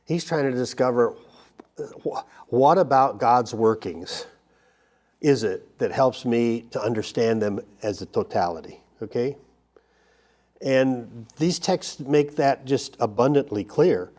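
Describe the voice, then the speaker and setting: A man's voice: medium pitch, a little mellow. A man teaching a Bible study lesson, talking it through loosely with frequent restarts and fillers. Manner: halting, many restarts and fillers.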